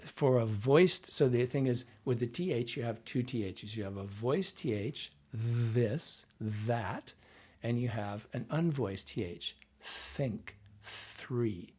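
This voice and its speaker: A man's voice: medium pitch, lively intonation, moderate pace, hardly any pauses, darkish tone. Man patiently explaining accents as a coach. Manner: patient, explanatory, demonstrates sounds aloud. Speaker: dialect coach. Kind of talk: interview guest explaining accents.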